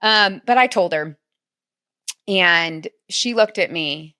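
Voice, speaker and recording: A woman's voice: on the low side, slow pace, sharp tone. A woman guest on a podcast, telling a personal story earnestly and peppering it with "like.". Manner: earnest, heavy use of "like" as filler. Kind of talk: storytelling in conversation.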